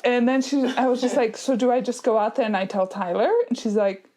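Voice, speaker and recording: Her voice sits fairly high as this woman in her thirties tells stories on the podcast she co-hosts. The chat is casual and animated, full of frequent laughter and rapid side comments.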